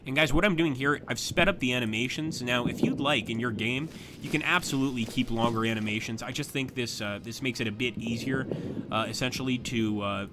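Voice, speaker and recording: A man commentating his own live stream of a strategy game, chatting to viewers as he plans moves, with sudden bursts of excitement. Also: mid-range voice, a little fast, very noisy.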